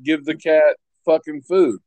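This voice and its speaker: Podcast co-host, man from West Virginia, slow and blunt, swears, dry close sound. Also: fairly high pitch, steady tone, darkish tone, dry recording. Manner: blunt, swears freely, halting restarts. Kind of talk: casual chat.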